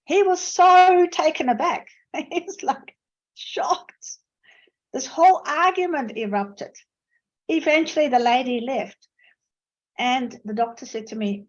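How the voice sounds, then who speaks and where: In dull audio captured over a video call, a woman speaks a little slowly as she relates lecture anecdotes. A native Dutch speaker from the Netherlands who teaches interpreting, she gives an online academic seminar talk, her narration punctuated by emphatic swings in pitch.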